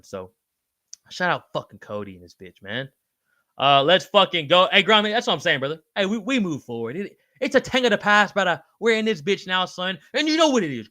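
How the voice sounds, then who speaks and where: This man's livestream has clean studio sound with no room tone. Casual and freely swearing, he answers viewer comments by name, his voice shooting higher in excited moments.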